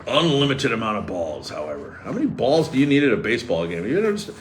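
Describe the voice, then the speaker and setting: Slight background noise sits under this sports radio host's medium-pitched, fast delivery. He keeps the banter casual and animated, riffing with sarcastic jokes.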